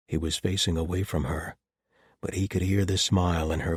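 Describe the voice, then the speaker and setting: A man reads an audiobook in a calm, measured way. His voice sits low with a husky texture, and the recording is dry and close, with no room sound. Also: no room sound. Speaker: audiobook narrator. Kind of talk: scripted narration.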